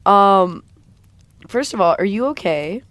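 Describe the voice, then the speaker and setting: Woman streamer doodling and chatting, slow easygoing talk, voice a bit sick but smooth, close dry mic. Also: mid-range voice, animated, a bit bright, no echo. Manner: chatty, talks while drawing, reads and answers chat. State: sounds sick and husky. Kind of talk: casual drawing livestream chat.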